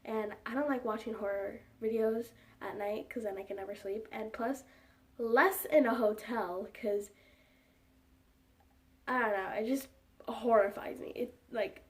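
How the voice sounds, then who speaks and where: A woman's voice: on the high side, fairly even intonation, unhurried, distant mic. A young woman vlogger telling a casual storytime, rambling along with lots of "like" and fillers. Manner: rambling, heavy use of "like" and fillers.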